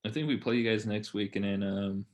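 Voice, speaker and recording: A young man co-hosting a casual podcast, telling animated, profane stories. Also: on the low side, a little fast. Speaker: podcast co-host. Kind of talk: casual chat.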